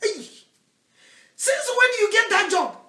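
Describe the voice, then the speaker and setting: An animated Ghanaian woman evangelist with a Ghanaian accent preaches at a slow pace in a monologue she recorded herself. She's emphatic, swinging between loud declarations and low asides, and the sound is roomy, far from the mic.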